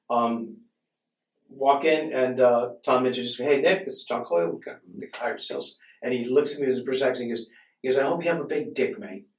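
A man guesting on a podcast, telling playful anecdotes in a casual way. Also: mid-range voice. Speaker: podcast guest, comedian and wine buyer. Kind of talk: casual storytelling. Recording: roomy sound from a distant mic.

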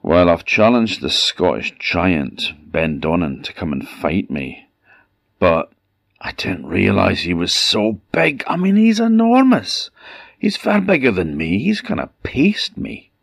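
A man's voice: deep voice, expressive, slow, vocal fry, fairly bright tone, no room sound, clean studio sound, exaggerated voice. A storyteller voicing Finn, a boastful male giant who panics about a bigger rival. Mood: panicked.

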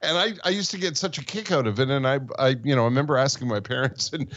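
A man's voice: medium pitch, quick pace, fairly bright tone, lo-fi sound. A man in his sixties from Montreal, co-hosting a podcast, telling rambling childhood stories and laughing along the way. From Montreal, Canada. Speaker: podcast co-host. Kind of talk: casual storytelling chat.

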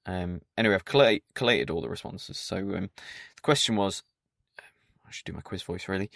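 A man's voice: low voice, brisk, gravelly, fairly bright tone, dry recording. A man hosting a solo podcast, talking in a dry, mock-stern and pedantic way. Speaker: podcast host.

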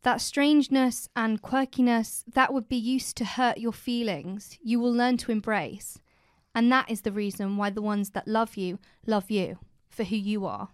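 A British woman co-hosting a podcast, chatting casually and reading a letter aloud in a gentle, reassuring way. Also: on the high side, fairly even intonation, a little slow, few pauses, smooth, no echo, clean studio sound. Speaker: podcast co-host.

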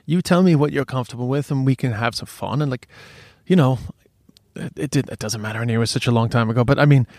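A man chatting on a podcast, blunt and sweary, tripping over his words as he restarts sentences. His voice sits at an ordinary pitch, recorded close and dry with no room sound. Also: quick pace, a little mellow, dry recording. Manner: frank, sweary, many restarts. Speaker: podcast co-host. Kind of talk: casual chat.

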